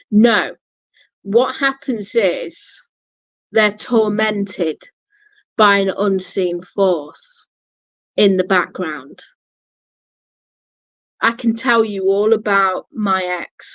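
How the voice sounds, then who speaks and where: A woman's voice: mid-range voice, very slow, pauses often, fairly bright tone, dry recording. A woman vlogger telling a personal story casually, blunt and swearing, often restarting her sentences. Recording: dull lo-fi, dry sound.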